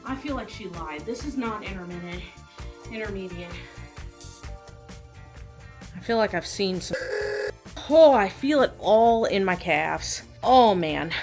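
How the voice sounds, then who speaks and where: Chatty, rambling young woman vlogger. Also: mid-range voice. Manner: rambling, self-deprecating, joking. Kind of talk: casual chatty workout vlog. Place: living room at home. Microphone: clip-on mic.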